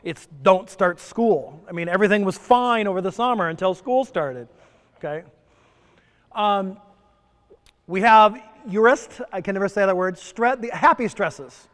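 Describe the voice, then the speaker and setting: High-voiced joking male presenter. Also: moderate pace, a bit bright. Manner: joking, asks the audience questions. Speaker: presenter at a stress summit. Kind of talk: conference talk. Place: resort conference room. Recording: long reverb of a conference hall.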